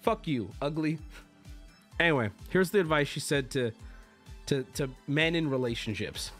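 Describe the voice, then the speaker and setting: A man's voice: on the high side, expressive, moderate pace, a bit bright, soft background music. A man streaming live, telling stories in casual chat, teasing his viewers and swearing freely as he talks.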